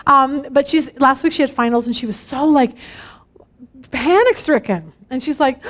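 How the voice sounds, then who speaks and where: A middle-aged woman leads a women's Bible study. Her voice sits high and bright, and she tells her stories in an animated way. She keeps checking in with the group as she goes. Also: moderate pace. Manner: animated, storytelling with frequent "okay?" check-ins.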